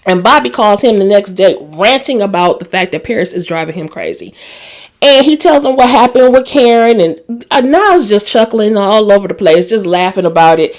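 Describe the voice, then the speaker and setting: A woman's voice: mid-range voice, lively intonation, normal speed. A woman hosting a casual recap of a TV drama episode, telling it like gossip with asides to viewers and quoted lines acted out. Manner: chatty storytelling with asides to viewers; laughs and acts out quoted lines. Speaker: TV recap host.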